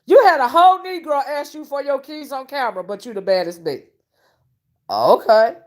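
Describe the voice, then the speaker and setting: A woman's voice: sits high, lively intonation, normal speed. A woman hosting a casual live-stream commentary, sassy and mocking as she rants and greets her chat. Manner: greets chat viewers mid-rant. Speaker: online commentary host.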